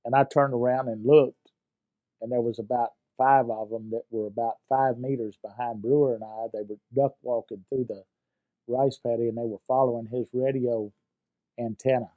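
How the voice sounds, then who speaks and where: Halting older man with a drawl. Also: medium pitch, steady tone, dark tone, poor audio. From United States. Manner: halting, many fillers and repeated words. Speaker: veteran interviewee. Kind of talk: personal war recollection.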